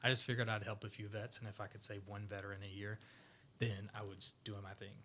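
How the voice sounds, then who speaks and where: A man in his forties speaks as a podcast guest, his voice sitting a little lower than most. He tells stories in a loose, animated way, stacking fillers and restarting his sentences as he goes. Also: quick pace, slight background noise. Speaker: podcast guest, veteran charity founder. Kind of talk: casual storytelling interview.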